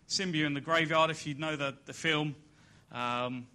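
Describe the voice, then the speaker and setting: A man preaching a sermon at a church service, building to loud emphatic peaks and then dropping soft and low. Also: steady tone, moderate pace.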